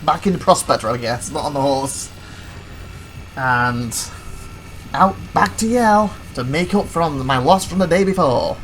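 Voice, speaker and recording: A let's play host giving casual gameplay commentary, rambling and self-correcting, retelling a mishap with excitement and laughs. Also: medium pitch, a little slow, slight background noise. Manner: chatty, excitable storytelling with laughs.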